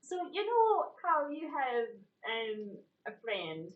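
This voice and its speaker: Woman doing a hesitant young adventurer, fairly high, slow delivery, muffled and roomy sound. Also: sing-song, full character voice. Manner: halting, full of ums and restarts. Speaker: tabletop game player. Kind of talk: in-character tabletop role-play. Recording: dull, echoey room recording.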